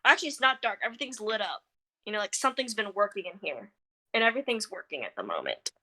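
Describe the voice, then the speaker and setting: A woman runs a tabletop session, her bright voice bouncing through a wide range. She narrates loosely and jokes along in slang. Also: mid-range voice, very animated, fast talker. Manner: giggly, loose and joking, slangy. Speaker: game master. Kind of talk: casual narration of a tabletop game.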